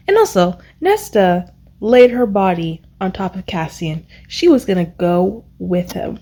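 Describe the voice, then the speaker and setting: A young woman vlogging about a book she just read, rambling and excitable, stopping to search for words. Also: fairly high pitch, slow. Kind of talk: casual reading vlog recap.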